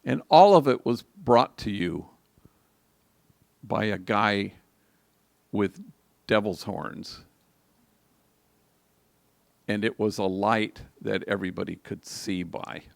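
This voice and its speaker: A man's voice: on the low side, no echo. An older man, a priest, telling a story in a reflective homily at a live liturgy. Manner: slow, reflective, gravelly delivery.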